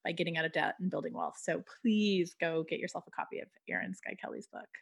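A woman's voice: lowish voice, fairly even intonation, fast, vocal fry. A woman hosting a podcast interview, with English lightly shaped by a Spanish accent, speaking effusively and with enthusiasm. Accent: Spanish-influenced English. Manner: warm, effusive, enthusiastic praise. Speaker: podcast host. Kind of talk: casual interview chat.

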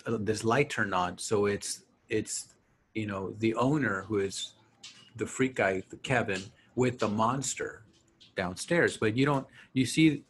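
A man's voice: fairly low pitch, a little slow, a little hiss or hum. A man co-hosting a podcast, chatting casually about a film and acting out its characters. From Mexican-American. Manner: animated, acts out film characters. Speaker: podcast co-host. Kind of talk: casual movie chat.

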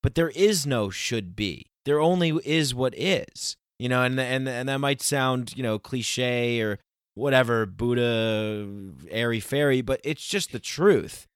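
A man chatting casually in a dry, close sound. He rambles with many restarts and slows down to drive his point home. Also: medium pitch, clear, resonant tone, no echo. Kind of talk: casual chat.

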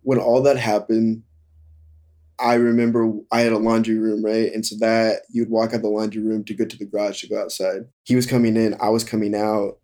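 A young man candidly telling a hard personal story in conversation, halting and full of fillers. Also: fairly low pitch, level tone, mellow. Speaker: guest.

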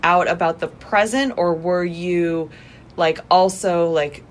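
Empathetic woman podcast host, lower voice. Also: steady tone. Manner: empathetic, quick to relate with her own story. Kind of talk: conversational interview.

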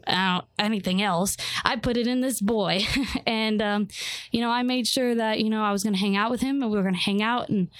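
A woman's voice: medium pitch, steady tone, brisk, no echo. A woman rambling through a personal story. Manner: rambling, many fillers and restarts. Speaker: guest telling her story. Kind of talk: personal testimony interview.

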